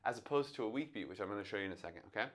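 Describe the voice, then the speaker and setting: Talking very fast in a lowish, somewhat bright voice with lively intonation, a man gives a casual drum lesson step by step. He voices his thinking aloud and sings out the drum sounds.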